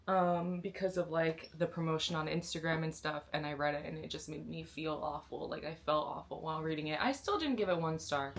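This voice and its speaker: A young woman chatting in a casual reading vlog with a slightly low voice. She gushes excitedly, piling up slang and restarting her sentences as she talks from a bedroom. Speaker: book vlogger. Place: sister's bedroom, indoors.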